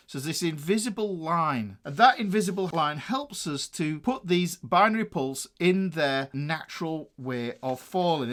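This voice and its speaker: A man's voice: fairly high pitch, a bit bright. A man with a Northern English accent teaching a guitar rhythm lesson, explaining time signatures and counting beats aloud. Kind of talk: music lesson.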